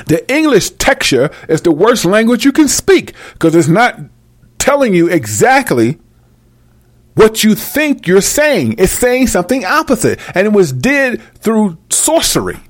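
A man giving a freewheeling, profane Bible commentary, brash and mocking, swinging between loud outbursts and low mutters. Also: big pitch swings, measured pace. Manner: brash, mocking and full of cursing. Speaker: self-styled preacher.

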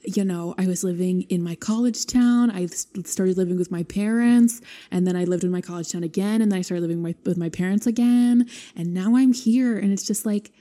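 Young woman podcast co-host, casual, gushing, emphatic, mellow tone. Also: mid-range voice, a little fast, few pauses. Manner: gushing, emphatic, laughs often.

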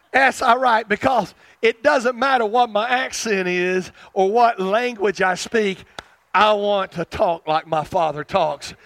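High-voiced Southern preacher, fervent. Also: male voice, dry recording. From South Arkansas. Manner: swings between loud fervent preaching and hushed tender passages; chuckles at his own asides. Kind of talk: sermon.

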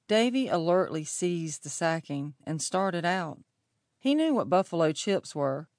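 Low, slow-reading woman narrator. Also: dry recording, clean studio sound. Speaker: audiobook narrator. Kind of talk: storybook narration.

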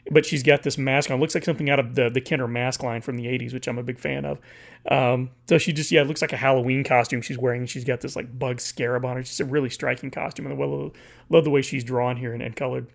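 A man giving a casual, halting recap of a comic book, stopping and restarting his sentences as he reads out the panels. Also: mid-range voice, level tone, vocal fry.

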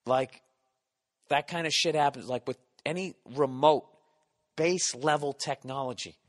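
A man's voice: on the high side, measured pace. Swearing storyteller man, reverb-washed. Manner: animated, swearing, mock-ranting. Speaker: podcast host. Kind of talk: profane comic storytelling.

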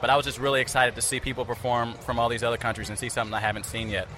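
Fast, bright-voiced man from California. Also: mid-range voice, little pitch movement, soft background music. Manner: upbeat, confident. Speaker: comedian interviewee. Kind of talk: casual interview.

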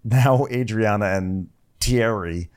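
A man's voice: lowish voice, takes it slowly, darkish tone. A man co-hosting a casual recap podcast, telling the story in a dry, matter-of-fact way. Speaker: podcast co-host.

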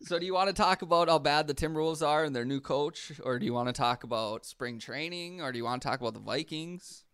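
Easygoing man with a slightly high voice. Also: quick pace, a bit bright, clean tone, no room sound, studio quality. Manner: easygoing, rambling, teasing. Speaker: podcast co-host. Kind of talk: casual sports chat.

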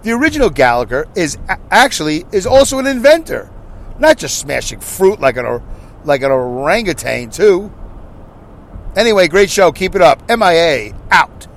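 A man putting on a lowered voice to play a laid-back male commenter. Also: big pitch swings, moderate pace, slight background noise. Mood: chummy. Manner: lowered put-on voice.

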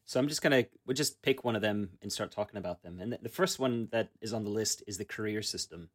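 A low-pitched man talks through a tabletop gaming podcast in loose, casual chat. He circles his points with plenty of ums, likes and restarts. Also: fast, a bit bright. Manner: rambling, many fillers and restarts. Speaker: podcast co-host.

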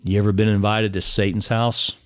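A man's voice: lowish voice, level tone, fairly quick, dry recording, studio quality. Earnest man giving a testimony. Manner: earnest, addressing listener as brother. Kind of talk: personal testimony sermon.

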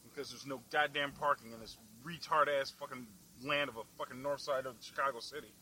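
A man's voice: mid-range voice, fairly even intonation, brisk, bright, forceful tone, slight background noise, low-quality recording. A young man driving through the city, ranting angrily and profanely, laughing at himself now and then. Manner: angry, foul-mouthed, laughing at himself. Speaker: vlog host. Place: in a car in the city.

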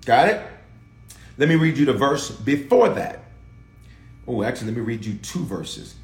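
A man's voice: mid-range voice, very animated, normal speed, roomy sound. A man preaching a livestreamed sermon, fervent and rousing, calling out to viewers for responses. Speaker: pastor.

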